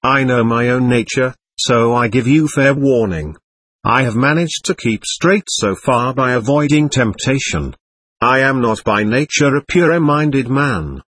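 Brief: male reader as reserved middle-aged man, husky, measured and sober, dry close sound. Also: mid-range voice, expressive, a bit bright, no echo. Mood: earnest.

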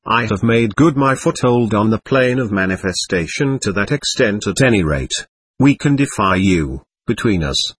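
Dark spirit guy, bitter and snarly, husky, a man reading it. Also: fairly low pitch, lively intonation, normal speed. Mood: defiant. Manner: defiant, snarling. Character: male spirit of darkness, defiant, bitter.

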